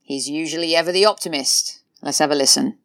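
Low, smooth-voiced woman hosting a podcast. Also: brisk, a bit bright, no echo, studio quality. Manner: chatty, with frequent fillers. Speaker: podcast host. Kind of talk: casual football podcast chat.

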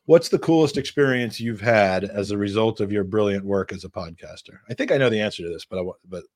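A man's voice: fairly low pitch, animated, fast talker, no room sound, clean studio sound. A man hosting a podcast, reading listener questions and praising his co-host with enthusiasm. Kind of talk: casual podcast chat.

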